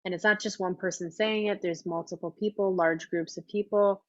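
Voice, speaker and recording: A woman leading a long workshop, talking in a chatty, enthusiastic way with lots of fillers, her voice a little hoarse. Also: fairly low pitch, fairly even intonation, brisk, dull audio. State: slightly hoarse, losing her voice. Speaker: workshop leader. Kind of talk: teaching a live online workshop.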